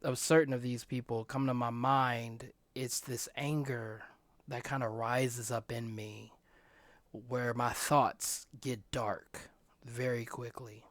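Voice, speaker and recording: Podcaster ranting, slow-paced, drops to near-whispers then bursts out loud, repeats phrases, dry close sound. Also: medium pitch, little pitch movement, no echo. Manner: swings from quiet near-whispers to loud outbursts; repeats phrases, halting restarts. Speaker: podcast host. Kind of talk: emotional personal rant.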